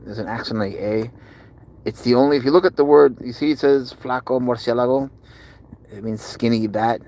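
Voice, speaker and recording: Man gushing over his cat, gravelly. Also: normal speed, darkish tone. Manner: doting, gushes at his cat in a high baby-talk voice. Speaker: pet owner vlogger. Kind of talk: casual live-stream chat. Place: inside a car.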